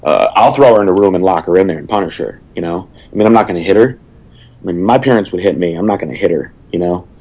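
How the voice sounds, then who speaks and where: Deep-voiced man talking bluntly. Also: quick pace, darkish tone, dull audio. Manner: plain-spoken, stern, hesitant with fillers. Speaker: guest. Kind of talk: casual podcast chat.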